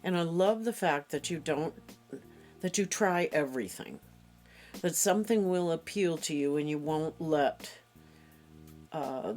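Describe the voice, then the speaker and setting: Female interviewee, deep unhurried delivery, supportive tone, light music bed. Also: darkish tone. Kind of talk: casual interview.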